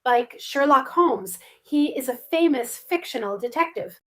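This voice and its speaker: A woman's voice: high-pitched, animated, a little slow, fairly bright tone. A woman co-hosting a lesson for English learners, eagerly asking questions about the story. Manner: curious and eager, asks many questions. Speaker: co-host.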